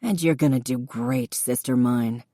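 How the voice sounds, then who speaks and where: A woman voicing an adult man, a protective brother asking rushed, anxious questions. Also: very deep voice, warm tone, no echo, studio quality, voice pushed down. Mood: firm.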